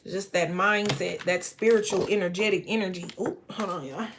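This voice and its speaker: A woman's voice: fairly low pitch, normal speed, over music. A woman reading tarot cards for her viewers, emotional and effusive, now and then breaking into gospel song. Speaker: tarot reader.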